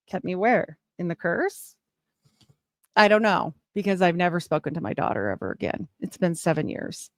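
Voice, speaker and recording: A middle-aged woman giving a personal testimony as a guest, rambling and animated, with laughs and asides. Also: lowish voice, normal speed, dry recording, studio quality.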